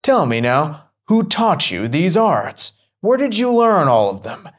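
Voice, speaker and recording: A man's voice: on the high side, sing-song, a little slow, pitched above the performer's own voice. A man voicing a learned, prudent older priest who questions with courteous severity. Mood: stern, probing. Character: learned older male priest, stern then indignant.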